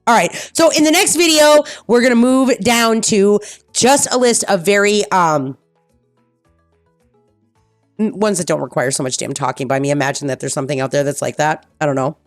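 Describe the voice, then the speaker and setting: A woman streamer host with a medium-pitched voice talks at a moderate pace over soft background music, with no echo. Her casual personal chat is candid and blunt, and she swears freely and repeats herself for emphasis.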